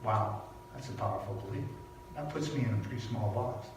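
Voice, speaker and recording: A man's voice: mid-range voice, fairly quick. Storytelling man in an echoey hall. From Canada. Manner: storytelling, animated, with emphatic repetitions. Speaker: speaker at a spiritual church service. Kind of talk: personal sermon. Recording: very echoey hall from far off, faint noise.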